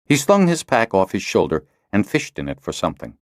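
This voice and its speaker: A man narrating a fantasy audiobook in an expressive storytelling style. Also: lowish voice, fairly quick, hardly any pauses, dry recording, studio quality. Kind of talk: scripted narration.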